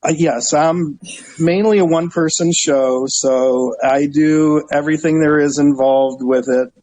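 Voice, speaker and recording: A middle-aged man from Northeast Ohio, a guest telling lively stories in a casual interview and acting out the people in them. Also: fairly high pitch, unhurried, rough recording. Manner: animated storyteller, acts out voices, laughs often. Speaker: guest, travel website owner.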